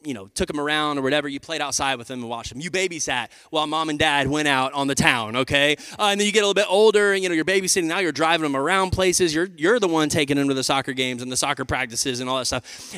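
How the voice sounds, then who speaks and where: A man, preaching a sermon in a lively, conversational way and addressing the crowd as y'all. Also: on the high side, fast, clear, resonant tone. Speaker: pastor. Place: large church auditorium. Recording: live hall with long reverb.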